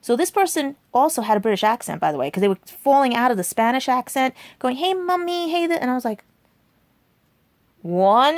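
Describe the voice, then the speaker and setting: A woman vlogger in her forties, medium-pitched and recorded without room sound, shares a meandering personal story with her audience. She keeps it chatty, tossing in asides such as "right?" and "and everything."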